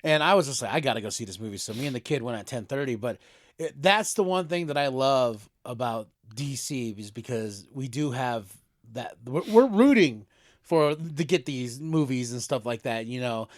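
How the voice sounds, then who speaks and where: A middle-aged man co-hosting a casual podcast chat, telling stories animatedly and acting out quotes loudly. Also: mid-range voice, expressive, moderate pace, dry recording. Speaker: podcast co-host.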